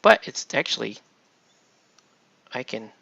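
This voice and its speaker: A man's voice: medium pitch, big pitch swings, takes it slowly, creaky, sharp tone, breathy edge, no echo. A man hosting a casual painting tutorial, chatty and rambling as he works, often checking in with "right?". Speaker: miniature painting host. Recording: dull lo-fi dry sound.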